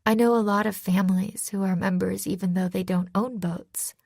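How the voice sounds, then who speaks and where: A woman voicing a cheerful young female sailor in an audiobook, pitched a little higher than her narration. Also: fairly even intonation, moderate pace, vocal fry, darkish tone, no room sound, clean studio sound. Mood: hesitant.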